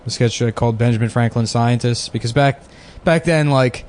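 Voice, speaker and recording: A man's voice: medium pitch, brisk, a little mellow. Casting: young male podcast co-host, dry, rambling riffs, mid-range voice. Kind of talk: crude comedic banter.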